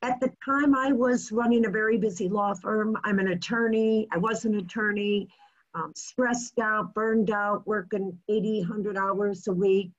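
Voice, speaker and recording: A woman's voice: medium pitch, steady tone, a little slow, muffled recording. A woman sharing a personal testimonial in a chatty way, with many fillers.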